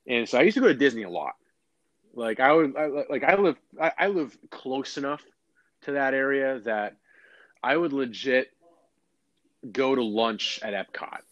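A man's voice: mid-range voice, lively intonation, normal speed, pauses often, fairly bright tone, no echo, highs cut off. A young American man rambling in a casual chat, full of fillers and restarts.

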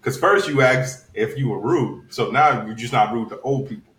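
A young man argues his side in casual podcast banter and sounds exasperated with his co-host. He sits a little back from the mic in an echoey room, and his voice has a middling pitch. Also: normal speed, fairly bright tone, recorded from a distance. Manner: argumentative, exasperated.

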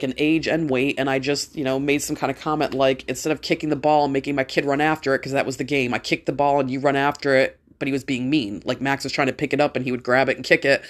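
A woman's voice: very deep voice, steady tone, quick pace. A middle-aged woman hosting a podcast, talking casually and bluntly, swearing freely and rambling with restarts. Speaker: podcast host. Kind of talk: casual opinion monologue.

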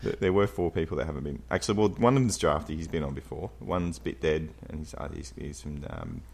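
Man, very deep voice, podcast co-host, rambling, hesitant. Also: sing-song, brisk, gravelly, a little mellow, a little hiss or hum. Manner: rambling, hesitant, laughs while talking. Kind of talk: casual podcast chat.

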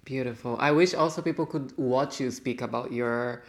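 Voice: medium pitch, moderate pace. An interviewer closing a chat with an author, admiring and casual, with frequent fillers.

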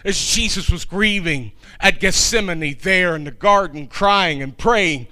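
A man's voice: high voice, a little slow, pushed and bright. A middle-aged man preaching a sermon, driving his points home with emphatic, repeated phrases.

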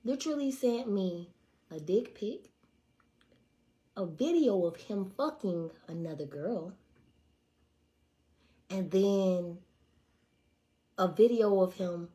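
A woman's voice: mid-range voice, lively intonation, slow, long pauses, dark tone. A young woman ranting to her viewers in a profane, casual way, swearing hard and repeating lines for emphasis. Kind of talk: profane casual rant to camera.

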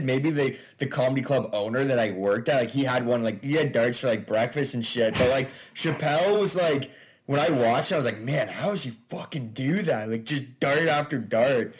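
A man's voice: medium pitch, a little fast. A man, a stand-up comedian, chatting casually as a podcast guest, loose and laughing, with frequent swearing.

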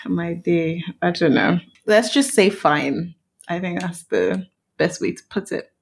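A woman co-hosting a relaxed podcast with her friends. Her voice sits a little low, and she is playful and teasing, jumping in to interrupt. She keeps an easy, conversational tone. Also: vocal fry. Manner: teasing, quick to cut in. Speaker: podcast co-host. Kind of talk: casual podcast chat.

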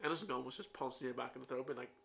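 Hosting a podcast, a Northern Irish man in his twenties jokes around in casual chat with a friend, drifting into tangents with fillers. His medium-pitched voice is racing, creaky, pushed and bright with fairly even intonation, over a little hiss or hum.

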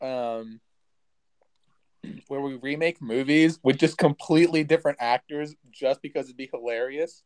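A young man teasing his friends in a casual chat, wry and quick. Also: medium pitch, a little mellow, clean tone.

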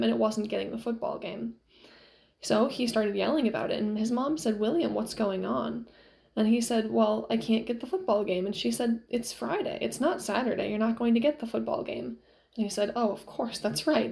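A woman's voice: on the high side, creaky, darkish tone. A woman teacher casually retelling a story to her class, slipping into short quoted lines as she goes.

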